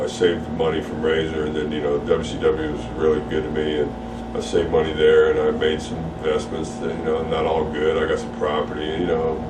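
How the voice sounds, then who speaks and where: Very deep middle-aged man in a candid interview, relaxed and rambling, recorded far off in an echoey room. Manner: relaxed, rambling, frequent fillers and repeated words. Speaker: interview guest, retired wrestler. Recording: roomy echo, distant mic, faint hum.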